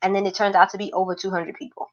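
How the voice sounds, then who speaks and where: A woman, a guest in a casual conversation, telling her story in an animated way and acting out what she once said. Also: mid-range voice, very fast, muffled recording. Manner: animated storyteller who acts out her own past remarks. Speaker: interview guest, activist.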